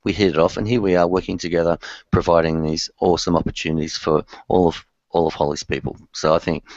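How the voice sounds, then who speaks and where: A man hosting a live webinar in a relaxed way, reading viewer comments aloud. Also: sits low, fast, no room sound, lo-fi sound. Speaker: webinar host.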